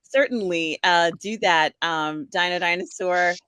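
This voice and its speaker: A woman's voice: fairly low pitch, measured pace, a bit bright, clean tone, no echo, clean studio sound. Upbeat woman hosting a live stream. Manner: upbeat, reads viewer comments aloud. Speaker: host. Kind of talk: casual live-stream chat.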